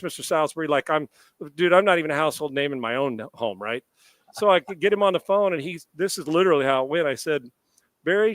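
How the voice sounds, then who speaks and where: A middle-aged man whose speaking voice sits fairly high animatedly recounts a story on a live sports broadcast. He plays out both parts of the dialogue, swearing liberally, and the audio is close-miked and dry with no reverb.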